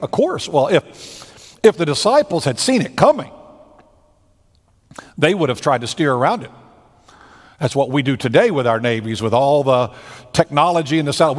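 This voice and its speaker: A male pastor preaches in a loose, conversational storytelling manner, acting out the lines of the people in his story. His voice sits high for a man and swings widely in pitch. A long hall reverb trails after his words. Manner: conversational, animated storytelling with acted-out quotes. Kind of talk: sermon.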